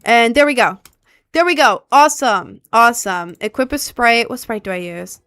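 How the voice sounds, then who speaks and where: A young American woman with slight Southern and New York touches, chatting casually as a gaming streamer and repeating excited exclamations. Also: a little high, moderate pace, clean tone. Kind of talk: casual live-stream chat.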